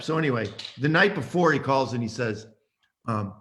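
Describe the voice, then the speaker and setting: Man in his sixties telling animated stories. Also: medium pitch, a little fast. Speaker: guest saxophonist. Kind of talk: storytelling in an interview.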